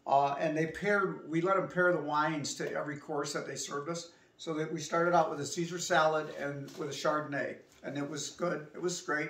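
A woman telling a restaurant story in a casual vlog, acting out both sides of the conversation herself. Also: deep voice. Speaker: vlogger. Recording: echoey room, voice from a distance.

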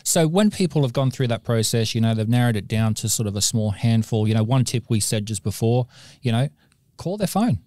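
A man's voice: mid-range voice, animated, brisk, mellow, dry recording. Chatty male podcast host. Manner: chatty, leans on "you know" and "um". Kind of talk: casual podcast interview.

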